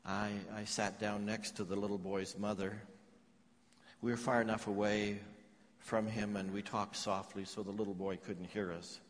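A man's voice: on the low side, level tone. Earnest male pastor in an echoing hall. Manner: earnest storytelling, with pauses and restarts. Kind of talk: sermon. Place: large church hall. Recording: long hall reverb.

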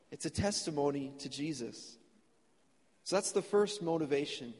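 A man preaching a sermon as pastor, earnest and conversational, in a church sanctuary. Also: a little high. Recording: long church reverb.

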